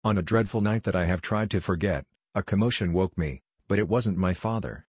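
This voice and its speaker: A man narrating a scary story in a measured, grave storytelling delivery. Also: deep voice, a little mellow, husky, dry recording, studio quality. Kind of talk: scripted horror story narration.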